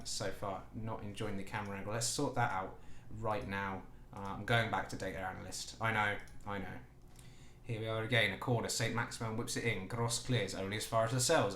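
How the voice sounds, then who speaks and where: A man's voice: fairly low pitch, fairly bright tone, reverberant, a little hiss or hum. A man casually commenting while he plays a football management game, chatty and swearing freely as he talks back to the game. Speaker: gaming YouTuber.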